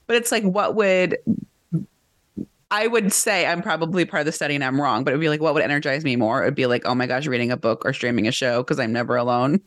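A woman co-hosting a casual book club chat, talking in a chatty, animated way and laughing easily. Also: low voice, fast, dry recording, clean studio sound. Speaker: podcast co-host.

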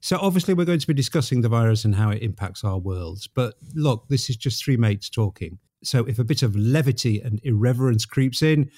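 A man's voice: mid-range voice, lively intonation, brisk, few pauses, a little mellow, dry recording, studio quality. A man hosting a podcast from home in a jovial, wry casual chat. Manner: jovial, wry, apologetic asides. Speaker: podcast host. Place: home, in lockdown.

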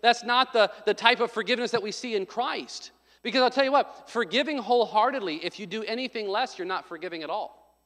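A man preaching a conversational sermon as pastor, telling stories and swinging between hushed asides and emphatic points. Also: high voice, a little fast, big-room sound. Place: church sanctuary.

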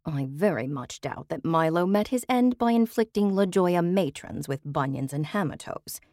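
A woman's voice: low voice, expressive, moderate pace, mellow, no room sound, studio quality. A woman reading an audiobook, voicing a haughty wealthy dame with put-on British airs, imperious and theatrical. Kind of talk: audiobook character voice.

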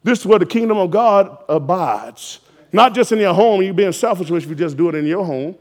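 High-voiced preacher exhorting his congregation. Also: animated, normal speed. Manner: exhorting, call-and-response rising to shouted emphasis. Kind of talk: sermon.

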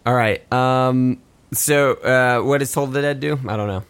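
A man narrating as game master in a tabletop game, halting with many fillers and restarts. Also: medium pitch, smooth.

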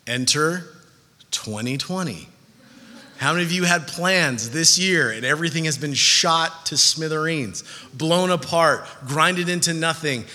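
A man's voice: fairly high pitch, sharp tone. A man preaching a sermon in a casual, conversational way, acting out listeners' voices. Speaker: pastor. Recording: hall reverb.

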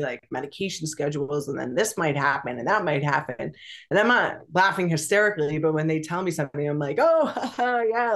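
Halting guest on a video call. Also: medium pitch, fairly bright tone. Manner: halting, many fillers and restarts, nervous laughter. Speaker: interview guest. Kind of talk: candid conversational interview.

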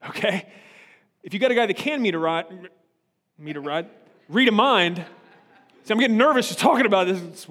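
A high-pitched male pastor delivers a relaxed, joking sermon and keeps checking in with his congregation as he goes. His voice rings out with a long reverb tail, like a recording made in a large church sanctuary. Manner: joking, frequently checks in with listeners. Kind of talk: humorous conversational sermon. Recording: reverberant hall.

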